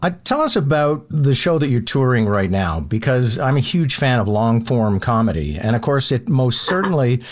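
Lively male host doing brisk intros. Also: mid-range voice. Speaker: radio show host. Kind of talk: interview hosting.

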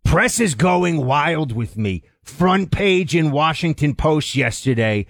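A man's voice: animated, slow, dry recording, studio quality. Indignant male talk-show co-host. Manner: indignant, pitch swings high when angered. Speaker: radio co-host.

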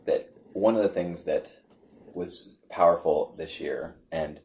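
Guy chatting on a podcast, lowish voice, lively and stumbling over his words. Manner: animated, halting, repeats words. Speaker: podcast guest. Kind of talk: casual chat, storytelling.

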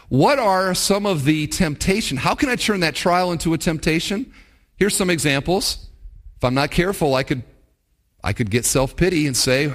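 A man's voice: on the high side, a bit bright. A pastor, a man, preaching a sermon to his church, asking the congregation rhetorical questions and acting out quotes. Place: church service.

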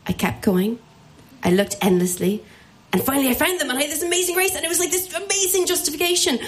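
An Irish woman tells a comic personal story live, her voice sitting high and moving fast. She's animated and self-mocking, acting out the voices of the people in the tale.

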